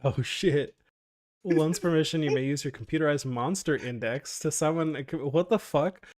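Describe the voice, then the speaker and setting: A man narrating as game master in a casual tabletop session, laughing often and filling pauses with um and uh. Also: fairly high pitch, a little mellow, dry recording, clean studio sound. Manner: casual, laughing, lots of fillers and restarts.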